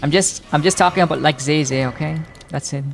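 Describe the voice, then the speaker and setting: A man's voice: on the high side, brisk, gravelly, a little hiss or hum. A man streaming a game, chatting casually, teasing his viewers and laughing often as he reacts to chat. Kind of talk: casual live-stream chat while playing.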